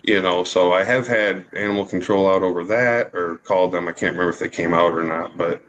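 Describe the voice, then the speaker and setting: A man's voice: low voice, a little fast, a bit bright, dull audio. Rambling, apologetic man in court. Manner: rambling, apologetic, full of fillers. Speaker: litigant testifying in court. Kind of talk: courtroom testimony.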